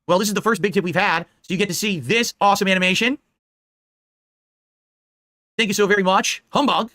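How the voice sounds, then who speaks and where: Speaking fast in a high, bright voice, a man runs a live commentary stream. He comes across as indignant and rambling, repeatedly checking in with "all right?" The recording is close and dry, with no room sound.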